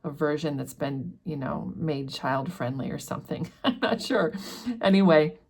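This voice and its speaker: A woman with a somewhat low voice talks casually through a classic novel's chapter. She paraphrases the scenes in her own easygoing words, leaning on fillers as she explains. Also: normal speed, a little mellow, slightly rough. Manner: chatty, paraphrases with frequent fillers. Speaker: book discussion host. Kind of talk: casual chapter-by-chapter book commentary.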